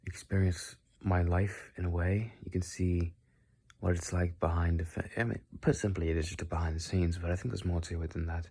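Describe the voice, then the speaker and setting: A sleepy young man talks in a soft, soothing murmur, letting his thoughts drift late at night. His voice sits very low with a gravelly, husky edge. It sounds like a phone recording in a quiet bedroom. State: tired, sleepy. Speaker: vlogger. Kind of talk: late-night casual rambling talk.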